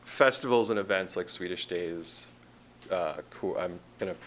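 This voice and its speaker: A man's voice: deep voice, normal speed, fairly bright tone, a little hiss or hum. A man with a Chicago accent presenting a tourism marketing plan to a city council, casual and conversational with frequent fillers and restarts. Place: council meeting chamber.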